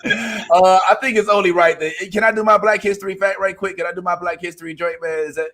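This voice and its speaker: A man's voice: high-pitched, fairly even intonation, fast talker, crowd noise. A man with a Texan accent co-hosting a casual chat over a video call, laid-back and trailing off into mumbled asides. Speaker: podcast co-host.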